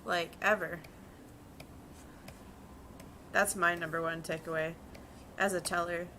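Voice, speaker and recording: Young woman streamer, bright forceful tone, casual profane storytelling at her desk mic, faint hiss behind. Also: fairly low pitch, steady tone, normal speed. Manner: chatty, profane, storytelling with quoted voices. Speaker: vtuber streamer and bank teller. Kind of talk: casual chat while drawing.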